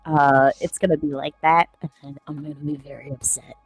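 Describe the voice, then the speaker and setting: A woman co-hosting a casual online podcast discussion, talking in an expressive, animated way and laughing easily. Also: deep voice, fairly quick, husky, faint music behind, low-quality recording. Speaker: podcast co-host. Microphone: remote call with a troublesome microphone.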